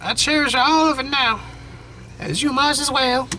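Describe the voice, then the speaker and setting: A man voicing a frail, tender elderly grandmother in a game, with a high, quavering old-lady voice and slow, drawn-out lines. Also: sharp tone, slight background noise, heavily acted, low-quality recording. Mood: wistful.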